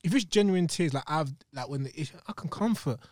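A man's voice: on the high side, animated, brisk, darkish tone, no echo, studio quality. A man in a casual group chat, emphatic and impatient.

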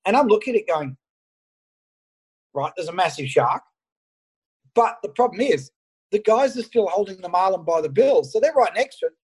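An Australian man, a fishing photographer, telling an animated story over an internet call and acting out the dialogue. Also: sits high, fast, husky, rough recording. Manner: animated anecdote, acts out dialogue. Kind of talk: casual storytelling.

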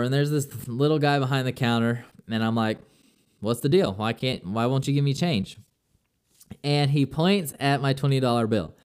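A man's voice: medium pitch, clean tone. A young man casually telling a personal travel story, chatty and loose, full of "like" and "I'm like".

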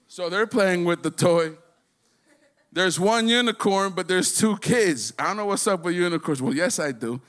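A man doing a stand-up comedy set, rambling and profane, slipping into quick voices for other people. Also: high-pitched, a bit bright. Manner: does quick voices for his daughter and others.

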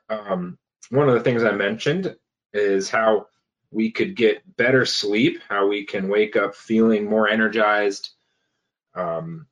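A health coach giving casual advice, pausing often with fillers and restarting phrases. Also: male voice, on the low side, fairly bright tone, highs cut off. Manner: hesitant, many fillers and restarts.

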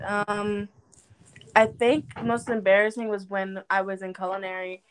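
A young adult woman hosting a podcast, telling stories in a chatty, animated way with lots of fillers. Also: mid-range voice, unhurried, slight background noise. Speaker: podcast host. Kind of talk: casual chat.

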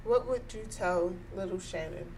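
A woman's voice: fairly low pitch, animated, normal speed, vocal fry, darkish tone, a little hiss or hum. A woman in her twenties interviewing her co-host in a chatty, supportive way, with lots of fillers. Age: 20s. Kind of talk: casual chat.

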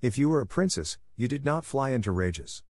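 A man voicing a spirited, kindly young schoolgirl who speaks in a steady, coaxing way, in a dry recording. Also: mid-range voice, brisk, no room sound, voice pushed up. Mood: restrained anger.

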